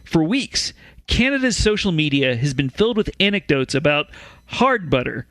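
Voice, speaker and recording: A man co-hosting a comedy news podcast, his voice fairly high and animated as he reads the stories aloud. He trips over words and breaks into laughs. The sound is close and dry. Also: normal speed, no echo.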